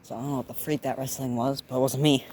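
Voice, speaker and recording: A man's voice: medium pitch, fairly even intonation, fast talker, darkish tone, a little hiss or hum. A man vlogging outdoors at night on a handheld phone, rambling casually about what he's doing and talking to his cat. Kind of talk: casual vlog. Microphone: handheld phone camera.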